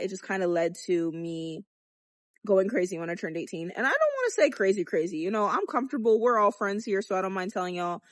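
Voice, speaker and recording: A woman's voice: medium pitch, dry recording, studio quality. Blunt, profane young woman vlogging outdoors. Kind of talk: candid chatty sex-education vlog.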